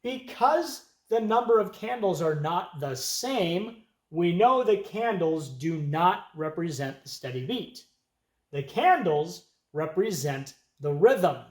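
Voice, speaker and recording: Music teacher, young kids' lesson, slow patient counting, lively pitch, roomy echo.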